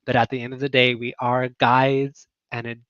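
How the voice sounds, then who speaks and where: Earnest bright-voiced man, lo-fi. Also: medium pitch, little pitch movement, moderate pace, smooth, no echo. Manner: earnest, emotional, many fillers and laughs. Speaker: online teaching business coach. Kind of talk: casual livestream chat.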